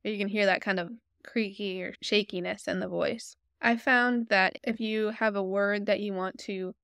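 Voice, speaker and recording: A woman calmly walking viewers step by step through a software tutorial. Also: mid-range voice, smooth, no room sound. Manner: friendly, explanatory, step-by-step. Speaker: tutorial host. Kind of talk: screen-recorded software tutorial.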